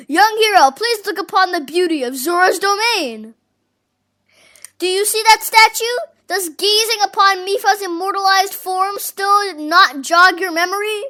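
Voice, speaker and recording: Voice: very high-pitched, sharp tone. A fan voice actor playing a jovial old fish-folk king who speaks in grand, courtly phrases. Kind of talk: voicing game dialogue.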